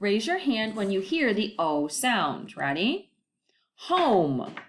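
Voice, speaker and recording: A woman teacher leads a recorded phonics lesson at an unhurried pace. Her voice swings widely in pitch as she draws out each model word. She sounds patient and encouraging, in a sing-song classroom manner. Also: big pitch swings. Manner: slow, deliberate, with drawn-out model words.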